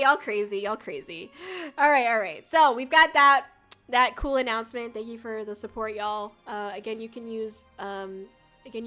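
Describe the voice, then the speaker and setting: A young woman streaming live, rambling through casual chat with plenty of fillers and curse words. Her voice sits a little high and sounds bright and forward. Faint music plays underneath. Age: young adult. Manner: rambling and chatty, lots of fillers and swearing. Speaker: VTuber streamer. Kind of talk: casual livestream chat with viewers.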